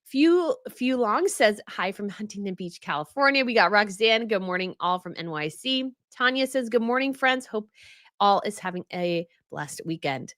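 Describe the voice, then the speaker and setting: A woman's voice: mid-range voice, animated, moderate pace, fairly bright tone, no echo, studio quality. A woman hosting a royal news livestream, chatting casually and reading viewer comments, rambling and laughing often. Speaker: royal news channel host.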